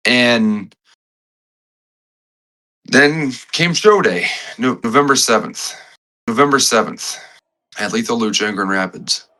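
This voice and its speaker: A man talking as a podcast guest, telling a personal story in a halting way, repeating phrases and restarting often, a little choked up. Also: mid-range voice, expressive, pushed and bright, rough recording. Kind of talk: emotional conversational storytelling.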